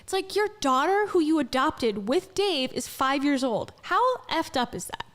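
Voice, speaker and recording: Sarcastic young woman vlogger, high and lively. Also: a little slow. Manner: sarcastic, incredulous, lots of "like". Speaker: commentary vlogger. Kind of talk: sarcastic commentary vlog.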